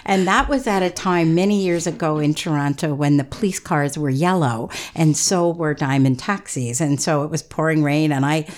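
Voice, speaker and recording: A woman's voice: low voice, moderate pace, few pauses. A woman guest on a radio talk show, telling funny stories in a chatty way and laughing often. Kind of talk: storytelling radio interview.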